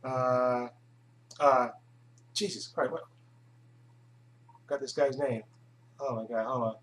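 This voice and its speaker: A man's voice: mid-range voice, steady tone, takes it slowly, a little hiss or hum, poor audio. Rambling man chatting to camera. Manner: rambling, full of hesitations and restarts. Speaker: YouTube channel host. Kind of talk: casual chat to camera.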